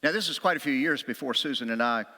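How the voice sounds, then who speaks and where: A middle-aged pastor delivers a sermon, his bright, forceful voice carrying a long hall reverb. He preaches through stories and acts out quotes, sometimes raised, sometimes whispered. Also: mid-range voice, quick pace. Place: church sanctuary.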